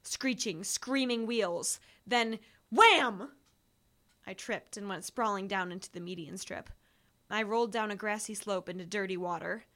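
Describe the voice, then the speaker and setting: Bright-voiced woman reading a thriller. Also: mid-range voice, measured pace. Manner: intense, building to breathless urgency in action. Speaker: audiobook narrator. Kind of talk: dramatic first-person audiobook reading.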